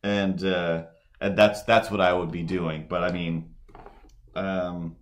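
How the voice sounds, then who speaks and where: A man with a low, deep voice chats casually while he draws on a live stream. He rambles, loses his thread, and circles back with filler words. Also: little pitch movement, takes it slowly. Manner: rambling, full of fillers and restarts. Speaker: livestream host.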